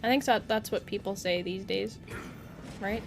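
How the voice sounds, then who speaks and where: A woman's voice: mid-range voice, normal speed, long pauses, music in the background. A young woman streaming a game, chatting playfully with her viewers and teasing the character on screen. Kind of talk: live gameplay commentary.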